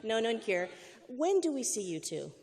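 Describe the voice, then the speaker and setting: A woman's voice: on the high side, big pitch swings, normal speed, darkish tone. Playful woman moderator, echoing hall. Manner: playful, teasing questions. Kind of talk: panel moderation.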